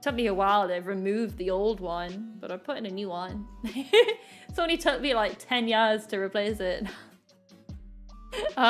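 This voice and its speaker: A woman's voice: a little high, expressive, takes it slowly. A woman streamer chatting casually while she draws, rambling and laughing often. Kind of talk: casual chat while drawing. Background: faint background music.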